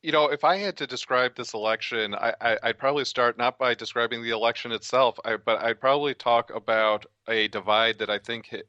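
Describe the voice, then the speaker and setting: A male guest answers at length in a radio interview, thinking aloud and restarting his sentences often. His voice is fairly low but bright and edgy. The sound is dry, with no room echo. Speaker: guest political commentator.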